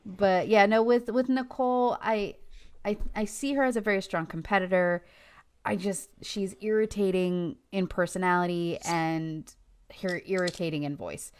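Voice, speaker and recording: A woman's voice: medium pitch, moderate pace, clean tone. A woman co-hosting a podcast, teasing and chatting casually. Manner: animated, teasing. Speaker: podcast co-host. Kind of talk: casual chat.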